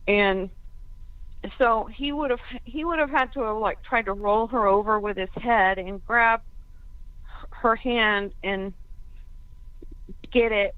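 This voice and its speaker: Slow-talking woman on a tinny phone line. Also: mid-range voice, smooth, no room sound. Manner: hesitant, restarts, thinks aloud. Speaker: conference call participant. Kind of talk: casual discussion on a call.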